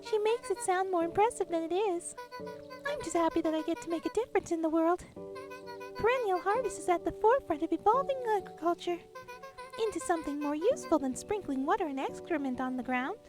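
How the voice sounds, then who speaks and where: An upbeat woman scientist from a cozy story game, her voice pitched up high and bouncing with excitement, as a woman puts her on. She sounds proud of her work and keen to share it. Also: a little fast, over music. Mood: eager. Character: cheerful adult woman chemist, enthusiastic and proud.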